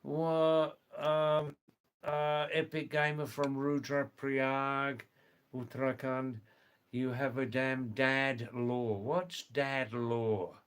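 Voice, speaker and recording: A man's voice: mid-range voice, little pitch movement, very slow, a bit bright, clear, resonant tone. A man hosting a casual livestream from indoors, chatting with viewers, greeting them by name and often laughing. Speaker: livestream host. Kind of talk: casual livestream chat, reading comments. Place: indoors, during a power cut.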